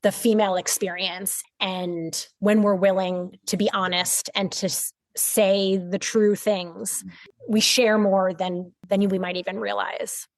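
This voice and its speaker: A woman's voice: mid-range voice, flat delivery, unhurried, no echo. A young adult woman, an author guest on a podcast, speaking in an earnest, thoughtful way with many fillers. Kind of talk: casual interview chat.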